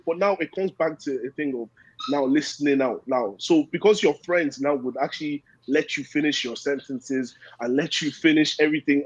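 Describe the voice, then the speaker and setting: A man's voice: a little high, dry recording, lo-fi sound. A young man talking as a guest on a talk show, earnest and rambling, acting out quotes as he speaks. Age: young adult. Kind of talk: casual chat.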